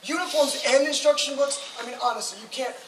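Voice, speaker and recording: A teen actor in a camp stage play as an anxious young male sidekick raising fretful, quick objections. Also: very high-pitched. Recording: echoey hall from far off, crowd noise.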